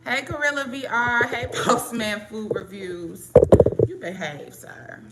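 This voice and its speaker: A middle-aged woman with a raspy, scratchy voice, chatting casually on a live stream and greeting viewers by name. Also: fairly high pitch, expressive, slow pace. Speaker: livestream host.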